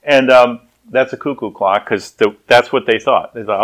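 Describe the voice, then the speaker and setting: A man's voice: mid-range voice, normal speed, low-quality recording. A man preaching a sermon as pastor, telling personal stories and acting out the people in them. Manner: storytelling, acts out voices.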